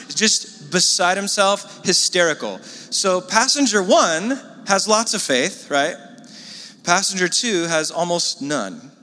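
A man preaching in a relaxed, chatty sermon style, turning to the congregation with quick asides. His voice is bright and sits fairly high, and the sound rings with the long reverb of a large hall. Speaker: pastor.

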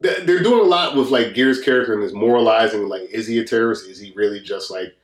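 A man's voice: on the low side, fast. A man co-hosting a casual film review chat, rambling loosely with lots of fillers and frequent laughs. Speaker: podcast co-host. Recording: echoey room.

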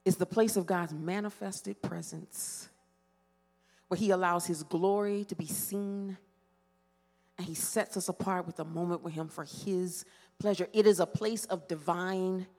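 A woman preaching a sermon, pausing dramatically and asking the congregation to fill in her questions. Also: fairly low pitch, fairly even intonation, vocal fry, a little mellow, long reverb tail. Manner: call-and-response questions with dramatic pauses. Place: church sanctuary.

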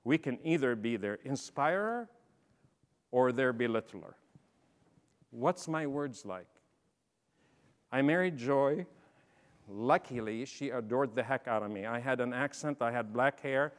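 A middle-aged man giving a motivational leadership talk, telling stories and swinging from quiet asides to loud, emphatic bursts. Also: medium pitch, animated, measured pace. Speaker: speaker. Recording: long hall reverb.

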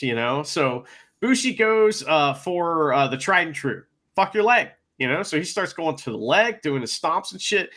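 Male co-host, bright and animated, swears freely, casual recap delivery. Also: a little high. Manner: excitable, swears a lot, plays out wrestlers' shouts. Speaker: podcast co-host. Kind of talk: casual match recap chat.

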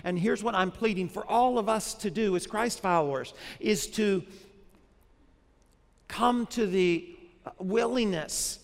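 A man's voice: high-pitched, takes it slowly, gravelly, long pauses, big-room sound. A man, a pastor, preaching a sermon in a conversational way, often putting questions to the congregation.

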